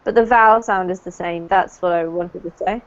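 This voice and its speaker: A British woman teaching English to a small group over a video call, explaining pronunciation patiently and encouraging her students. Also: on the low side. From United Kingdom. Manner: encouraging, explains slowly and clearly. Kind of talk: online group lesson. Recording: dull lo-fi online call audio.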